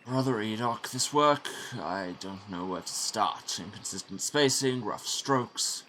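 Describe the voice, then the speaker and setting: A man's voice: lowish voice, measured pace, sharp tone, slight background noise. A man voicing a stern older monastery prior who scolds the monks under him with contempt. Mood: scolding.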